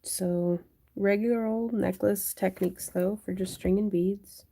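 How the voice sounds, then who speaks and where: A woman's voice: medium pitch, fairly even intonation, measured pace, creaky, warm tone, a little hiss or hum. A young woman hosting a craft livestream, chatting casually and answering viewers while she works. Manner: chatty, thinks aloud and answers viewer chat.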